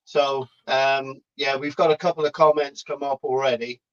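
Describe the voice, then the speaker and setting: A man's voice: mid-range voice, level tone, moderate pace, dull audio. An easygoing man co-hosting a live stream from a remote call, often saying "mate". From England. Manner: easygoing, says "mate" a lot. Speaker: co-host watching the stream comments. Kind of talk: casual live-stream chat.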